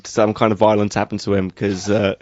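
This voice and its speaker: A man's voice: lowish voice, level tone, a little fast, a little mellow, no echo, highs cut off. A man telling a story in casual chat, rambling with many fillers. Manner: loose, rambling, full of fillers.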